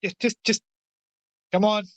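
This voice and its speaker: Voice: medium pitch, flat delivery, unhurried, no room sound. A tabletop game player in casual chat, blunt and profane, often laughing.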